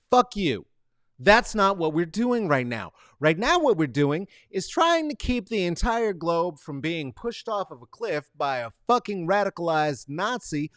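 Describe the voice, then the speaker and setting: A male show host giving casual solo commentary from a corner of his apartment set up as a studio, emphatic and profane, swinging between loud outbursts and low muttering. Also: animated, moderate pace, no echo.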